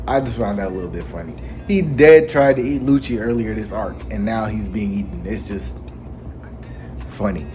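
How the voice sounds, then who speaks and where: A man hosting a casual anime chapter recap, telling it with lively slang and acting out the characters. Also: fairly low pitch, moderate pace. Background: faint background music.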